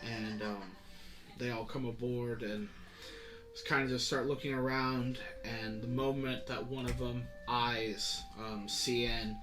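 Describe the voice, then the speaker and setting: A man's voice: mid-range voice, flat delivery, slow. A man narrating a tabletop game as game master, loose and casual with many fillers. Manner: casual, many ums and kinda.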